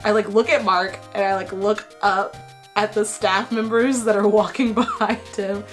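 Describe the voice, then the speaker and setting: A woman's voice: mid-range voice, normal speed, faint music behind. A young woman from Texas telling a casual storytime, chatty and laughing often, her voice worn from a cold. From Texas, USA. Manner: chatty, animated retelling with frequent 'like' and laughs. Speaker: vlogger.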